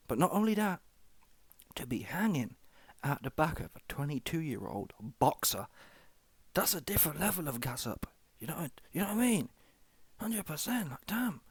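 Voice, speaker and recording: A man's voice: mid-range voice, no echo. Slangy, rambling male comedy commentator. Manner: slangy, rambling, keeps asking "yeah?" and "see that one?". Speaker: comedy reaction host. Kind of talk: comic commentary.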